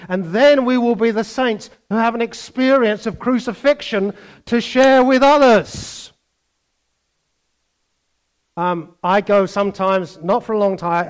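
An older man preaching a sermon, animated, swinging between loud bursts and quiet asides and mimicking other voices. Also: high-pitched.

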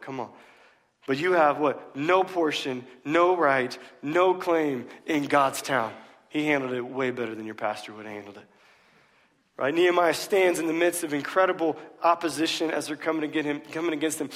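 A man's voice: fairly high pitch, normal speed, a bit bright. A male pastor preaching a sermon in a casual, emphatic way, full of slang, in a church. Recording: long reverb of a large hall.

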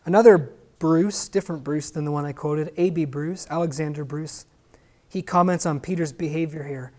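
A man's voice: on the high side, moderate pace, a little mellow. A male pastor giving an explanatory sermon who keeps asking his listeners rhetorical questions.

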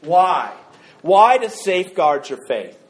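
A man's voice: high voice, big pitch swings, slow, roomy sound. A man preaching a sermon as pastor, conversational and joking, often repeating his words as he goes. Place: church sanctuary.

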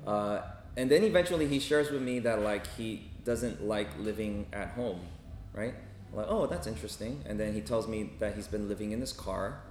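A man with a fairly low voice tells a story from his work as a hospital chaplain, talking casually to a group. He keeps checking in with listeners with a quick "right?" or "okay?". The recording has a roomy echo and a faint hum of ambience behind him. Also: darkish tone.

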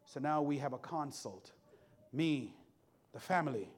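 A man preaching a sermon, telling a story from his work as a hospital chaplain, swinging from hushed to loud with repeated build-ups. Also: on the high side, lively intonation, measured pace, long pauses.

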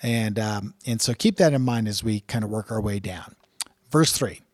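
A man's voice: fairly low pitch, moderate pace, no room sound, clean studio sound. A man teaching from scripture in an earnest way, reading passages aloud with emphatic rises and talking through their meaning. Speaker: Bible teacher.

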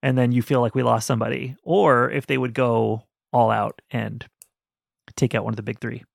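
A man co-hosting a casual book-review podcast in a mid-range voice with a gravelly rasp. He talks in animated, rambling bursts and laughs often. The sound is dry and close, with no room around it. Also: mid-range voice, moderate pace, no room sound. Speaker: podcast co-host.

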